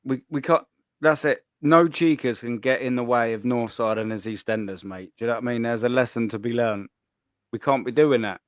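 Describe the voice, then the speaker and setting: Crude, joking bloke, dry close mic. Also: male voice, mid-range voice, fairly quick, no echo. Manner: crude, jokey banter. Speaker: podcast co-host. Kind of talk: casual chat.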